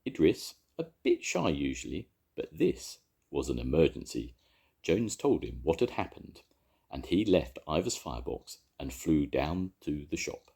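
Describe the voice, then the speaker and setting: Deep-voiced grandad reading a story. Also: male voice, a little slow, breathy edge. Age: older. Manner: expressive reading. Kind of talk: children's story read aloud.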